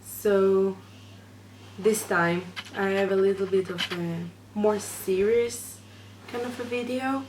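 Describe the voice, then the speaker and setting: A woman's voice: mid-range voice, fairly even intonation, slow, darkish tone. A woman who is not a native English speaker, talking in an emotional, hesitant vlog from her room at night, full of fillers and restarts. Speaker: fan vlogger. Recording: echoey room, noisy background.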